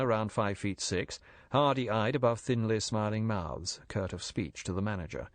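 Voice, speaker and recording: Man reading an audiobook, lowish voice, dry close sound, steady pacing. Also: no echo. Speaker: audiobook narrator. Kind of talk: scripted narration.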